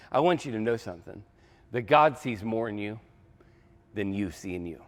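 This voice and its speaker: A man's voice: fairly low pitch, animated, normal speed. A male pastor preaching a sermon in a conversational, emphatic style, repeating key phrases for effect.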